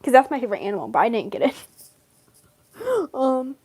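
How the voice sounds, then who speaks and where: Giggly high-voiced young woman rambling. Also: sing-song, fairly quick, darkish tone, husky. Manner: giggly, rambling, lots of fillers and laughs. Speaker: vlogger role-playing a game character. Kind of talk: casual in-character rambling.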